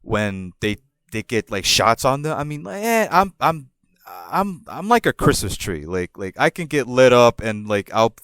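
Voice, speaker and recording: A young man in his twenties spinning a casual storytime podcast tale, tripping over repeated words and chuckling at himself. His voice is smooth and clear, recorded close and dry with no room sound. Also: medium pitch, a bit bright, no echo. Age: 20s. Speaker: podcast host.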